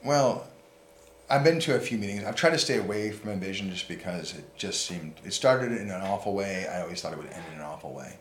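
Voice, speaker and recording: A man co-hosting a casual talk show, speaking in a dry, skeptical and measured way. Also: low-pitched, lively intonation, reverberant, slight background noise. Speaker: podcast co-host. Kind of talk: casual chat.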